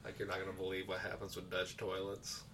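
A man's voice: low voice, monotone, quick pace, fairly bright tone, far from the mic, a little hiss or hum. A man from the United States co-hosting a podcast, bantering in a crude, joking way with plenty of swearing. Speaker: podcast co-host. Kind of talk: casual chat.

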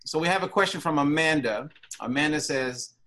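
A man's voice: fairly high pitch, fairly quick. A man hosting a casual podcast, asking curious, rambling questions and reading out listener questions. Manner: curious, lively questions, laughs easily. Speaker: podcast host.

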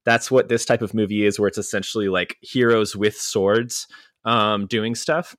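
Lowish-voiced guy on a movie podcast, lots of likes and ums, dry close audio. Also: fairly even intonation, normal speed, a bit bright, dry recording. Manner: conversational, many fillers, laughs easily. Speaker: podcast co-host. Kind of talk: casual film-review chat.

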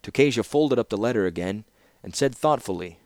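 A man narrating a fantasy novel in measured audiobook style. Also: lowish voice, lively intonation, darkish tone, no echo, studio quality. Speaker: fan audiobook reader.

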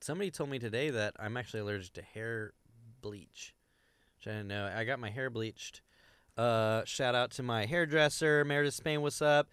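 A man's voice: medium pitch, normal speed, a bit bright, smooth, no room sound. A man co-hosting a casual podcast chat, joking around and swearing freely on a studio mic. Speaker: podcast co-host.

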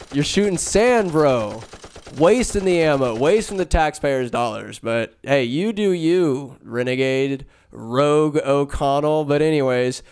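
Smooth-voiced man recapping a film sarcastically. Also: on the high side. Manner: sarcastic, jokey asides, swings between loud and muttered. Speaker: movie recapper. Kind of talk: casual comedic movie recap.

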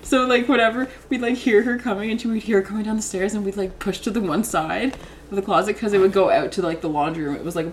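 A woman's voice: mid-range voice, fast, a little hiss or hum. A young woman telling childhood stories in casual chat, rambling and giggling, with lots of "like".

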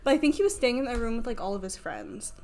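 Young woman, higher voice, giggly rambling anecdote, loose casual chat. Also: sing-song, fast, darkish tone. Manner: giggly, rambling storytelling full of fillers.

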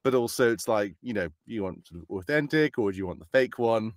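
A man's voice: on the low side, a little fast, dry recording. A man with an English accent, a guest voice actor chatting casually and laughing often. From England. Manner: animated, laughing, acts out quoted voices. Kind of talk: casual chat.

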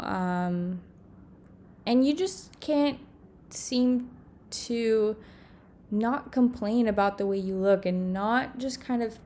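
A woman's voice: medium pitch, a little mellow. A young woman, a content creator, talking alone in her room on the verge of tears, rambling with many fillers in an emotional confessional vlog. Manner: tearful, rambling, heavy on filler words. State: on the verge of crying.

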